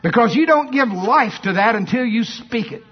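Male preacher, storytelling sermon, husky tone, emphatic asides, lively pitch. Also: moderate pace. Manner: animated and emphatic, with asides to the congregation. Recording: dull lo-fi sermon recording.

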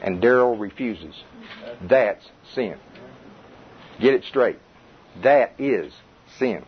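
A man with a slightly husky voice teaches a small Bible study group in a room, folksy and repetitive, often asking his listeners to confirm what he has said. His voice sits at an ordinary pitch, and the recording sounds dull and lo-fi. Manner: folksy, repeats himself, restarts, questions the group.

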